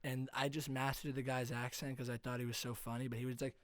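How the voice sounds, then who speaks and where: A man's voice: medium pitch, little pitch movement, quick pace, no room sound. A young man in his twenties with a New Jersey accent, co-hosting a loose, profane comedy podcast. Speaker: podcast co-host. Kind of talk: casual chat.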